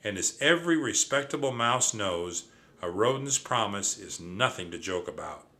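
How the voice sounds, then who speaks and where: A man reading a children's storybook aloud in an expressive first-person narration. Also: on the low side, normal speed.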